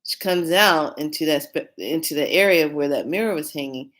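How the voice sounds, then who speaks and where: A woman with a notably low speaking voice talks casually to the camera. She works as a tarot card reader and tells her stories in a chatty, animated way, retelling her conversations with clients. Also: moderate pace.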